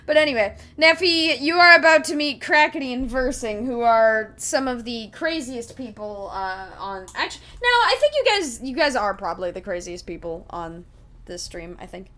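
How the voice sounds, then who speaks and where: A woman's voice: a little high, big pitch swings, normal speed, pushed and bright. A woman streaming live, chatting casually with viewers in a rambling way, giggling and full of fillers while she explains a tabletop game.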